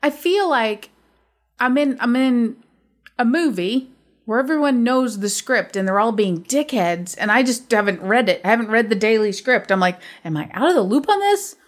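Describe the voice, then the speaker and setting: A woman's voice: fairly high pitch, moderate pace. A woman hosting a podcast in casual chat, telling stories in a blunt, profane, ranting way. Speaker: podcast host.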